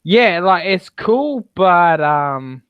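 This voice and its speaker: A man's voice: high voice, sing-song, drawn-out words, clear, resonant tone, no room sound, lo-fi sound. An Australian man in his thirties chatting casually in a gaming voice chat, joking and swearing freely. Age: 30s.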